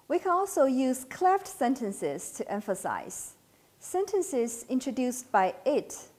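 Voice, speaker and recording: A woman giving a scripted English grammar lesson in a measured, explanatory way. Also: a little high, a little mellow. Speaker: English teacher.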